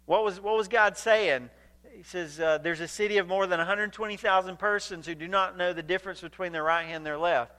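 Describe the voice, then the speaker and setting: A male pastor preaching a sermon, animated and emphatic, acting out scripture as he paraphrases it. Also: a little high, brisk.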